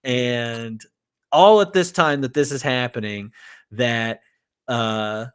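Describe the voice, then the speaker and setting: A man in casual conversation, retelling a film's scenes with lively energy. He slips into the characters' lines as he tells the story, and his voice rises and falls a lot. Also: mid-range voice, slow, clear, resonant tone. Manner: animated, acts out quotes from scenes. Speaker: podcast co-host. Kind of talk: casual movie discussion.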